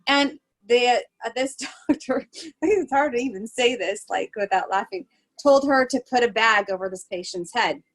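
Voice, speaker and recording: A woman's voice: fairly high pitch, moderate pace, poor audio. A woman hosting a podcast as a nurse, telling stories in casual chat with lots of fillers and laughter. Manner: animated storyteller, laughs often, many fillers. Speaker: podcast host, holistic travel nurse.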